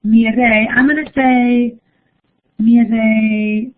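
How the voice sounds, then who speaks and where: Upbeat young woman, higher voice, teaching a live online class over a thin phone-like line. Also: steady tone, extremely slow. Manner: upbeat, encouraging, reads chat aloud. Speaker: Spanish teacher. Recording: phone-like narrow audio.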